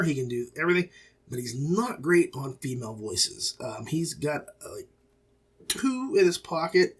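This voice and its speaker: A man's voice: fairly high pitch, husky. A middle-aged man hosting an audiobook review podcast, talking in a rambling, folksy, self-correcting way. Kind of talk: casual review monologue.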